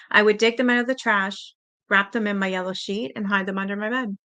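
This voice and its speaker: Reading letters as a story on her channel, a woman speaks fairly quickly in a medium-pitched, sharp voice with fairly even intonation. Her reading is steady apart from occasional stumbles, and she interrupts herself with blunt asides.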